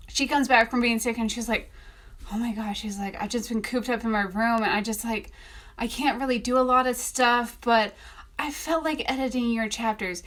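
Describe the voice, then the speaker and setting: A young woman telling a story in a casual vlog, animated and acting out the voices she quotes. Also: fairly high pitch, normal speed. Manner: animated, acts out quoted voices, laughs often. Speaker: author vlogger.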